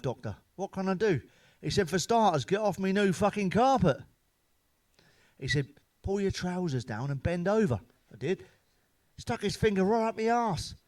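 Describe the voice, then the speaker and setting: British man, middle-aged, stand-up comedian, deadpan, crude and sweary, fairly high voice. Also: no echo. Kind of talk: deadpan joke-telling monologue.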